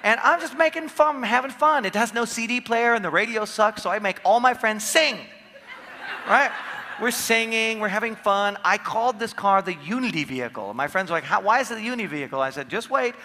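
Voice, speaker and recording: A man giving a motivational seminar talk, animated and playful, acting out quotes in his stories. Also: high voice, fairly quick, in a large hall. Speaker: seminar speaker. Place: large hall with audience.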